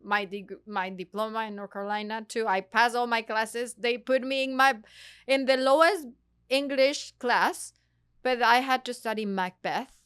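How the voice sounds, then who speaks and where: Animated woman storyteller. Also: fairly high pitch, normal speed, smooth. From Ecuador. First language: Spanish. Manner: animated storyteller with frequent restarts. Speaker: parent guest. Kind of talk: casual conversation.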